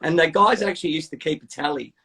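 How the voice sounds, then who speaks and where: Aussie host guy, kinda husky voice, a bit higher, chatty yarns. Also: fast talker. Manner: animated, chatty, tells anecdotes. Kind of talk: casual storytelling.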